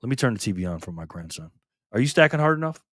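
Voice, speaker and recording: An older man hosting a casual live stream, reading comments aloud in a chatty, excitable way. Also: lowish voice, rapid-fire, no echo, studio quality. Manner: chatty, excitable, laughs often.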